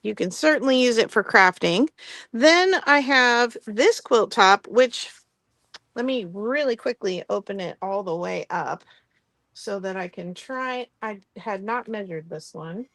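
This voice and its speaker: A woman's voice: mid-range voice, lively intonation, measured pace, a bit bright, dry recording. A woman hosting a live online sale, chatting casually about vintage items and laughing often between filler words.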